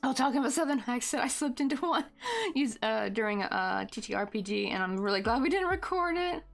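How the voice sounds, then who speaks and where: A woman's voice: fairly high pitch, expressive, brisk, vocal fry, soft background music. A woman in her thirties hosting a crochet livestream, chatting casually in a rambling way with lots of fillers and easy laughs.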